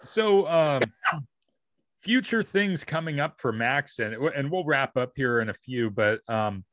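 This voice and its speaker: A man hosts a relaxed interview and keeps cheering his guest on with eager little remarks. His voice sits at a middle pitch. The sound is dry and close, with no room echo. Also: unhurried. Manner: enthusiastic listener, short affirmations. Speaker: podcast host. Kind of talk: casual podcast interview.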